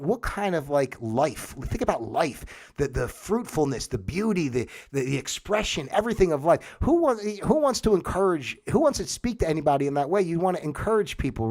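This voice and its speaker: A man's voice: a little high, darkish tone. A middle-aged man hosting a livestream, talking in a rambling casual monologue full of fillers and restarts. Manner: mocks a newscaster in a put-on solemn voice. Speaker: livestream host.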